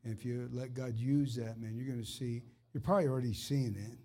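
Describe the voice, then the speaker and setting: A man's voice: mid-range voice, fairly even intonation, brisk, dark tone. A man ministering informally, speaking in an earnest, conversational way as he encourages and prays over someone. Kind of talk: informal preaching and personal ministry.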